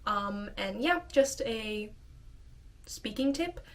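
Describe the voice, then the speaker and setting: A woman's voice: mid-range voice, expressive, a bit bright, recorded from a distance. A woman teaching a casual video lesson, repeating short phrases patiently. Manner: slow, repeats phrases over and over. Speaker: language teacher.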